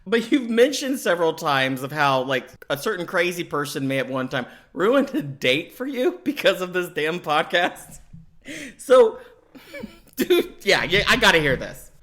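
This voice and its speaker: A man's voice: high voice, big pitch swings, a little slow, fairly bright tone. A man hosting a podcast, teasing his guest with crude, profane jokes in casual chat. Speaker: podcast host.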